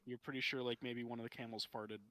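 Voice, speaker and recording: A man running a tabletop game as game master, relaxed and unhurried, laughing often. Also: mid-range voice.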